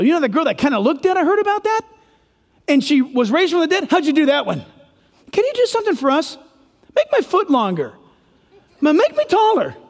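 A man voicing an excitable, demanding ancient king who begs for miracles in a fast, wheedling voice. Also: very high voice, in a large hall, voice pushed up, heavily acted. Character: giddy, demanding ancient king hungry for tricks.

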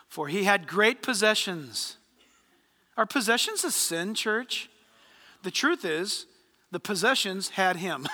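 A man preaching a sermon in a church, lively and full of rhetorical questions put to the congregation. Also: very high voice, big-room sound. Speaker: pastor. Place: church sanctuary.

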